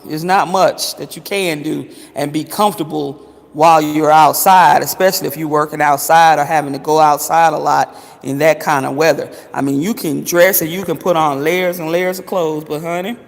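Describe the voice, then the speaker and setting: A man's voice: a little high, fairly even intonation, normal speed, vocal fry. Chatty man, echoey room. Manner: chatty, calls viewers honey and baby, swears freely. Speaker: vlogger. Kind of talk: casual chat to viewers. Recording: long reverberant echo.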